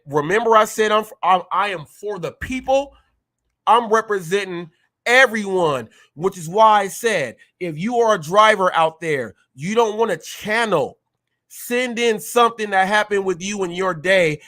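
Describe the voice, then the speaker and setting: A live-stream host delivers a heated rant on his own show, combative toward viewers and hammering phrases through repetition. The voice is high and animated with a fairly bright tone, kept at a measured pace.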